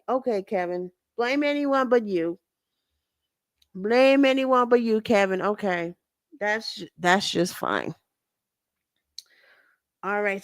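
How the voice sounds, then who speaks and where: A woman's voice: on the high side, no echo, clean studio sound. A woman hosting her own show, chatting through a wrestling recap in a rambling way, often correcting herself. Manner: rambling, self-correcting, animated. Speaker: show host.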